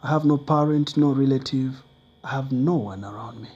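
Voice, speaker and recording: A kind widowed fruit seller, voiced by a man who talks gently and encourages. Her voice is a little husky. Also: mid-range voice, moderate pace, muffled recording, natural voice. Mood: encouraging. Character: kind widowed woman selling oranges.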